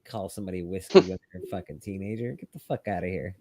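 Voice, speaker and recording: A man's voice: low voice, quick pace, mellow. A brash man swearing and joking in a casual group chat. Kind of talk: casual crude banter.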